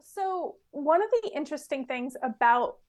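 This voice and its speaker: Podcast guest: woman, 20s, from California, fairly high voice, chatty and casual. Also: moderate pace. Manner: chatty, fillers and laughs, relaxed storytelling. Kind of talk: casual interview chat.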